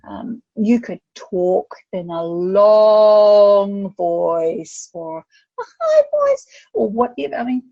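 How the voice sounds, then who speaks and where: A grandmotherly older woman with a gravelly, husky voice tells stories in an animated way, slipping into playful voices. The sound is dry and a little dull. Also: on the low side, no echo. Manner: animated storytelling, acts out voices. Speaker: guest expert. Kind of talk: podcast conversation.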